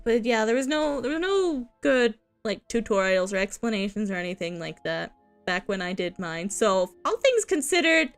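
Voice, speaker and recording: A woman's voice: medium pitch, big pitch swings, normal speed, soft background music. A woman streaming as a VTuber, chatting casually and giggling, with playful whiny complaints. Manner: giggly, rambling, playful whining. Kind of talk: casual live-stream chat.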